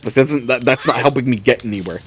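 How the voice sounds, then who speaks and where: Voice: mid-range voice, quick pace, slight background noise. A streamer giving casual running commentary on a game, talking to themself and swearing often as things go wrong. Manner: swears often, talks to self while playing.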